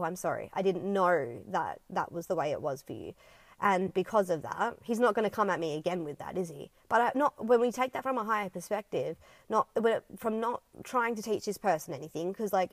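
A woman's voice: medium pitch, dry recording. A woman talking in a casual, reflective monologue, earnest and rambling, with frequent ums and casual swearing. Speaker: vlogger.

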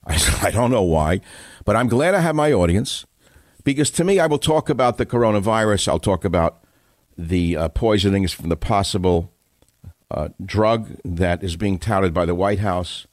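Man, talk radio host, emphatic monologue, repeats words for stress, fairly low pitch, dry close mic. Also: expressive, moderate pace, no room sound.

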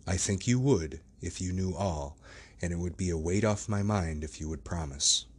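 A troubled Victorian doctor, evasive and earnestly pleading, in a low, husky voice, as a man reads him in a storybook audiobook. The delivery stays close to the reader's own speech. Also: moderate pace.

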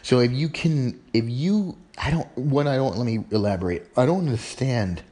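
A man's voice: medium pitch, animated, normal speed, mellow. A man hosting his own home-made radio show, talking alone in a rambling, joking way and often correcting himself. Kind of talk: casual solo radio monologue.

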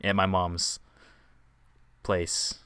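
A man's voice: sits low, monotone, very slow, sharp tone, clear, resonant tone, no room sound, studio quality. A young man from Indiana hosting a casual podcast, joking, swearing and laughing with his co-host.

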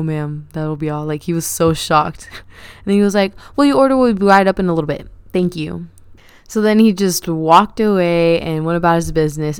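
Low-voiced chatty young woman podcaster. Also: smooth, no room sound. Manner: chatty, rambling, animated, many fillers. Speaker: podcast host. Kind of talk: casual storytelling monologue.

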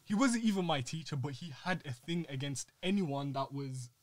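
A young man, telling a school story in a lively, joking way during a casual chat among friends. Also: on the high side, normal speed. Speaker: podcast co-host.

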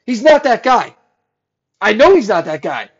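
A man with a high-pitched voice hosts his own sports podcast, ranting sarcastically and growing heated as he goes. The audio is dull and lo-fi. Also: sing-song, measured pace. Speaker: podcast host. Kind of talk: solo sports podcast rant.

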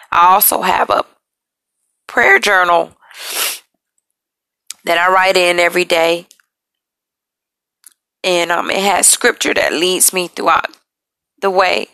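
Woman host, tired and emotional, slow gravelly confessional delivery, dry close sound. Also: medium pitch, pushed and bright, dry recording. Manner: emotional, halting, apologetic. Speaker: podcast host. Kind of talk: personal confessional talk.

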